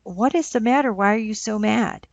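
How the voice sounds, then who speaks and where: A woman voicing a hurt, confused young woman who speaks in halting bits. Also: fairly high pitch, gravelly, a little mellow, dry recording, voice pushed up. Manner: hesitant, halting. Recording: dull lo-fi recording.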